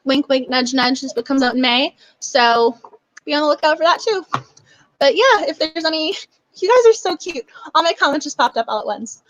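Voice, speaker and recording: A woman's voice: high-pitched, lively intonation, moderate pace, fairly bright tone, no echo, poor audio. A young woman hosting a book club livestream, chatting in a gushing, effusive way. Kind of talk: casual livestream chat.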